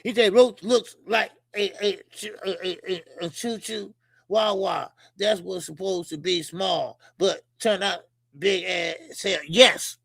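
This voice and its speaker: Brief: man, boxing show host, high gravelly voice, profane animated rant. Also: slow, no room sound, clean studio sound. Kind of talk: casual boxing commentary.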